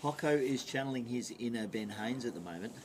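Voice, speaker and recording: A man's voice: mid-range voice, lively intonation, brisk, a little hiss or hum. A man co-commentating an amateur cricket match, with teasing banter.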